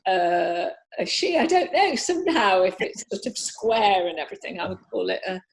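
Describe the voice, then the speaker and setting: A woman in her fifties from Britain, chatty and quick to laugh, answering questions in a casual video chat. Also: mid-range voice, expressive, vocal fry. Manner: chatty, laughs often, many fillers. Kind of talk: casual Q&A over video call.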